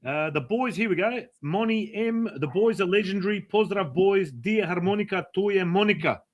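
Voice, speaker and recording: High-voiced jokey man hosting. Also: moderate pace, lo-fi sound. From Australia. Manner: jokey, laughs through his own stories. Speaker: show host. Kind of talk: casual chat reading viewer comments.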